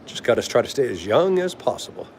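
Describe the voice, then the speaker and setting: A man's voice: mid-range voice, sing-song, fast talker, a little hiss or hum. A middle-aged man with a DC accent, chatting casually on a livestream in a rambling way, laughing often and answering viewer comments. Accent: DC area. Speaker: livestream host.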